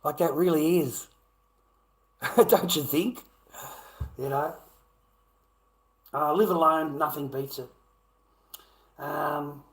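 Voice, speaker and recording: A man's voice: slow pace, long pauses. Rambling, swearing Australian man. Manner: profane, repetitive, swings between loud rants and low mutters. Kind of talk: rambling monologue to viewers.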